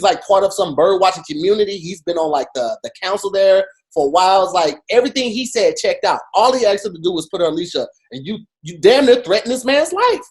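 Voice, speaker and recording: A man co-hosting a podcast in casual chat, emphatic and animated, with many restarts as he talks. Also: high voice. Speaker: podcast co-host.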